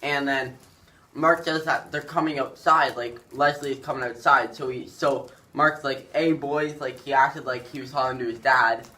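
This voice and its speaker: A man's voice: mid-range voice, fairly even intonation, normal speed, pushed and bright. A young man telling a story in a rambling, casual way, full of fillers, as a YouTuber. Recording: distant mic with faint background noise.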